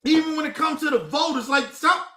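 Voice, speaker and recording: High-pitched ranting man, echoey room. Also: a little fast. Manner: profane, exasperated ranting, rising to shouts. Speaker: political commentary streamer. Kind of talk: casual heated commentary.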